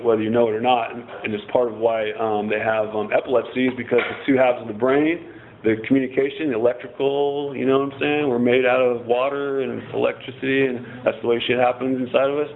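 A man's voice: mid-range voice, flat delivery, fast talker, slight background noise. A man sharing his story at a recovery meeting, rambling, swearing freely and cracking self-mocking jokes. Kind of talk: casual personal share. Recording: tinny phone-like recording.

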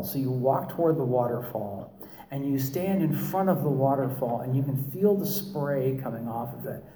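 A man doing a hushed, soothing female meditation guide. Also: mid-range voice, reverberant, slight background noise, close to an everyday voice, poor audio. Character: soft-spoken female meditation therapist, calm and soothing.

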